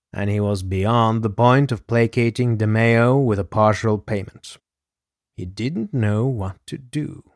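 A podcast narrator tells a scripted true-crime story dramatically, speaking straight to the listener. His voice sits on the low side, in a dry, studio-quality recording.

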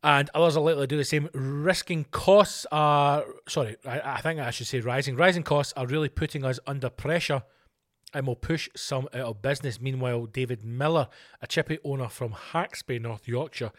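A man's voice: medium pitch, brisk. A Scottish man hosting a podcast, reading news items aloud and ranting about them in a sweary, exasperated way. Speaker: podcast host.

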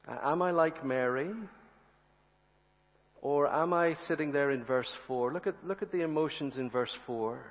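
A man delivers a sermon to his congregation, earnest and full of rhetorical questions and repeated phrases. His voice sits a bit high and carries a long reverb from the church hall. The recording sounds slightly dull and muffled. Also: a little slow. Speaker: preacher. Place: church sanctuary.

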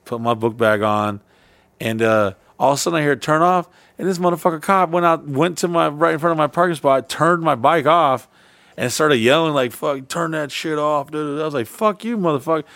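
A man's voice: on the high side, fairly quick, fairly bright tone, dry recording. A man hosting a podcast, telling rambling stories in casual, profane chat. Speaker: podcast host.

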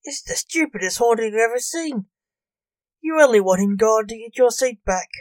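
A woman's voice: on the high side, normal speed, no room sound, voice pushed up, lightly acted. A woman voicing the lazy, smug king of the Grim Reapers, huffy and teasing.

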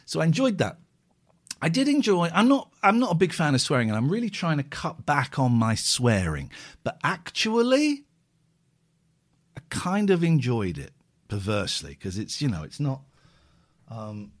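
A man hosting a late phone-in show, his pitch swooping widely as he rambles between calls. He talks casually and swears freely, from rants to musing asides. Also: very animated, moderate pace. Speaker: radio phone-in host. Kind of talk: casual live radio talk.

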